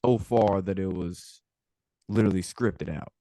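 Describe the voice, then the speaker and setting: A man's voice: sits low, moderate pace, mellow, dry recording, studio quality. A young man being interviewed, talking casually with lots of filler words. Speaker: guest.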